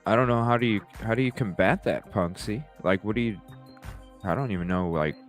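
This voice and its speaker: Casual male stream host with a lowish voice, rambling and cursing, faint music in the background. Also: brisk. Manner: rambling, swears freely, laughs often. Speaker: live stream talk show host. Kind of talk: casual live-stream chat.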